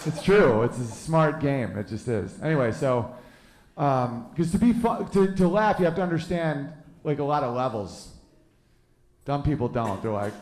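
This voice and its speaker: A man's voice: medium pitch, a little slow, long pauses, roomy sound, crowd noise. A man in his thirties doing a live stand-up comedy set, rambling loosely and breaking into goofy voices. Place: live comedy venue with audience.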